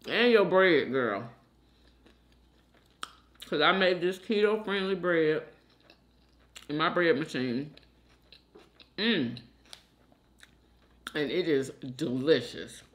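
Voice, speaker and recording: A woman hosting a mukbang, chatting casually and slowly between bites, humming as she eats. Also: low-pitched, lively intonation. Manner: slow, chatty, hums with food in mouth. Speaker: mukbang host. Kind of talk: casual mukbang chat while eating.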